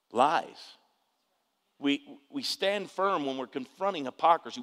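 A man's voice: medium pitch, a bit bright. A man preaching a sermon with personal testimony, emphatic and calling on the congregation for responses. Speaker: pastor. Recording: reverberant hall.

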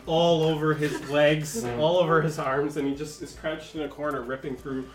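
A man narrating a tabletop game as game master, animated and often laughing, recorded in an echoey room with faint music. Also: fairly high pitch, moderate pace.

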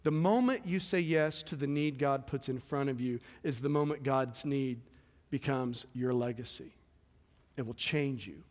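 A man preaching a sermon as pastor, with passionate delivery that swings between loud emphasis and quiet, hushed moments. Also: medium pitch. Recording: long hall reverb.

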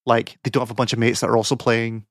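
A man's voice: medium pitch, level tone, fast, a bit bright, no echo, studio quality. A young man, a podcast co-host, rambling and ranting in exasperation with lots of fillers. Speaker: podcast co-host, game academic. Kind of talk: casual podcast chat.

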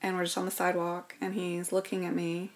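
A woman's voice: on the low side, monotone, a little fast. A woman, speaking as an interview guest and telling a personal story in an earnest, reflective way. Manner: earnest, reflective, drops to a whisper at painful moments.

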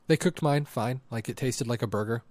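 A man co-hosting a casual podcast, chatting in a dry, deadpan joking manner. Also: medium pitch, fairly quick, no room sound. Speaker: podcast co-host. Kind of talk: casual chat. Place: lives in Michigan.

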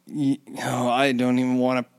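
A man co-hosting a casual chat, talkative and quick to laugh, who spells out words letter by letter. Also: mid-range voice, completely flat delivery, smooth, no echo, clean studio sound. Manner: chatty, laughs often, spells words out slowly. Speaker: podcast co-host.

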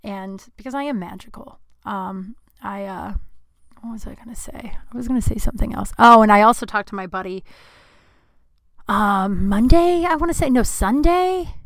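A woman hosting her own podcast while ill and low on energy. She talks candidly and rambles, swearing freely. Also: normal speed, no echo. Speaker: podcast host. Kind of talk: candid solo podcast talk.

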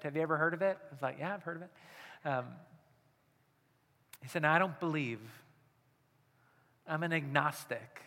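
A man preaching a sermon as pastor, dropping to hushed near-whispers and then rising to loud, urgent appeals. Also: fairly high pitch. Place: church hall. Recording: long hall reverb.

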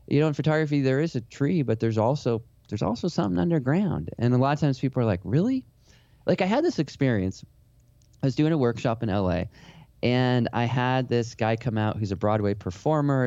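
A man's voice: medium pitch, warm tone, no room sound, lo-fi sound. A man who is a portrait photographer, answering interview questions in an earnest, rambling way with many restarts.

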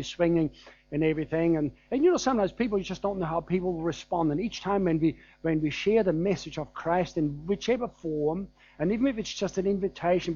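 A man with a German accent delivers a sermon in a chatty, storytelling manner, dotted with fillers and small chuckles. His voice sits a little high for a man. The recording is dry and dull, with no room sound and a muffled top end. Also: warm tone, dry recording. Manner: conversational and anecdotal, with frequent fillers and chuckles. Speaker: preacher.

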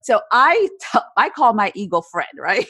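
A woman's voice: medium pitch, very animated, normal speed, bright, forceful tone, slightly rough, dry recording. A woman guest telling candid stories in a casual podcast conversation, often quoting her own thoughts aloud. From New Jersey, USA. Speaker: entrepreneur guest.

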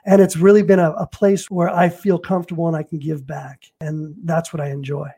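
A man's voice: on the high side, flat delivery, a little fast, warm tone, husky. A man in his fifties, a real estate agent and coach, telling stories in an interview and acting out phone calls and quotes. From Los Angeles. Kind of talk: interview guest, storytelling.

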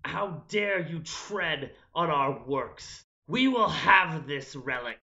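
A solemn male stranger by a campfire speaks in low, measured tones, as a game master puts him on. His voice has a bright edge. The recording sounds dull and lo-fi. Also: animated, exaggerated voice. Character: mysterious male figure at a campfire.

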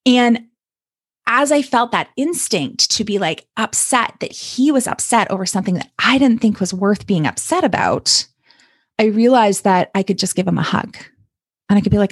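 A woman's voice: mid-range voice, moderate pace, husky, no echo. Encouraging coach woman, dry close sound. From Canada. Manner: warm encouraging coaching talk. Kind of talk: podcast monologue.

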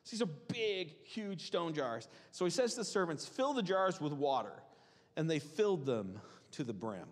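A man preaching a sermon in a conversational, animated way, acting out the voices of people in the story. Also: on the high side, moderate pace. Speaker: pastor. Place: church hall. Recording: reverberant hall.

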